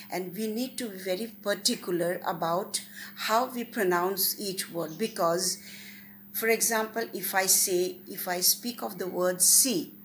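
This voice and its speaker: Slow, deliberate woman lecturing. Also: medium pitch, fairly bright tone. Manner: measured, deliberate, stresses key words. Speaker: guest lecturer. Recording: faint background noise.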